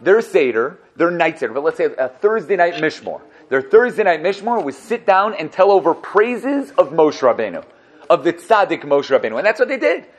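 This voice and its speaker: A man teaching a relaxed Torah class in a fairly high voice. His pitch swings widely as he jokes and acts out small exchanges. The tone stays informal and lively throughout. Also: moderate pace. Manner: animated, joking, acts out dialogues.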